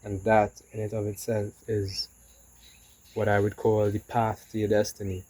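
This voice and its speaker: A man's voice: fairly low pitch, monotone, moderate pace, dark tone, no room sound, low-quality recording. A man talking casually in a rambling motivational monologue, often saying "you know". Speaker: vlogger.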